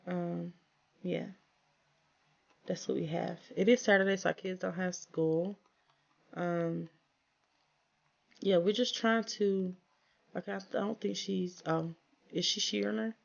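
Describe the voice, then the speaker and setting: Casting note: woman gaming streamer, gravelly, slightly low voice, chatty and exasperated, lo-fi mic. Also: fairly even intonation, slow, long pauses. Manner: chatty, talks to viewers and her game characters, exasperated asides. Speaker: gaming channel host. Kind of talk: casual let's-play commentary.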